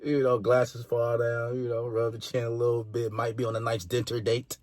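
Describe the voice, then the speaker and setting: A man giving laid-back, rambling commentary, full of "you know"s and loud laughs. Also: medium pitch, completely flat delivery, normal speed. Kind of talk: casual commentary.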